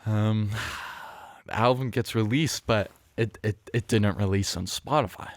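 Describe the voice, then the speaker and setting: Low-voiced young man telling a rambling story. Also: measured pace, dry recording, studio quality. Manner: rambling, self-correcting, with many fillers. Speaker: podcast host. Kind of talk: casual storytelling chat. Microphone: studio mic close up.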